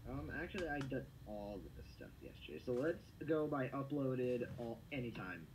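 A young man hosting a web show, chatting casually and stammering through quick restarts while he plays a game on a home mic. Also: mid-range voice, lively intonation, background noise. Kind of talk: casual gameplay commentary. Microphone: home mic that drops in level.

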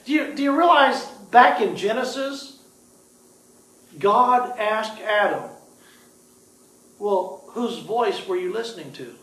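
A man with a notably high voice preaches in a lively, bantering way, coaxing the congregation to call out answers. He is picked up from a distance, and the room rings with echo. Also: slow pace, long pauses. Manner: lively, prompts the congregation to answer, joking asides. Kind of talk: sermon with call-and-response.

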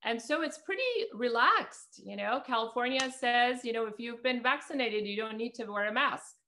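A woman's voice: a little high, moderate pace, pushed and bright, a little hiss or hum. A woman hosting an interview, upbeat and friendly as she asks her questions. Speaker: host. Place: California.

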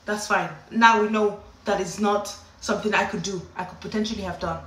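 A woman telling a story casually to camera in an animated way, often slipping into acted voices. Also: medium pitch, a little fast. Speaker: vlogger. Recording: echoey room, distant from the mic.

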